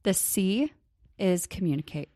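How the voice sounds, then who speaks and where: A woman therapist co-hosting a parenting podcast, calmly explaining a method and softly acting out gentle example phrases. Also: mid-range voice, measured pace, dry recording, studio quality. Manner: calm, explanatory, slips into soft hushed example phrases. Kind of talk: casual teaching on a parenting podcast.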